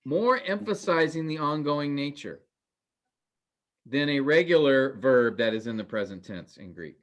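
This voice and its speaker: A man teaching a Greek grammar class online, asking questions and explaining with many pauses. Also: a little high, animated, a bit bright, dull audio.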